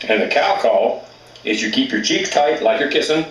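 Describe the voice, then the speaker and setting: A man's voice: mid-range voice, animated, moderate pace, a bit bright, reverberant, recorded from a distance, low-quality recording. A man teaching elk calling in a plainspoken, folksy way, with rural grammar. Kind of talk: outdoor hunting instruction.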